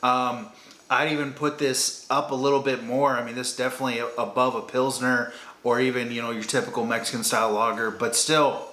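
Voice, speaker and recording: A man's voice: medium pitch, pushed and bright. A man giving a chatty, rambling, upbeat beer-tasting review. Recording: roomy echo.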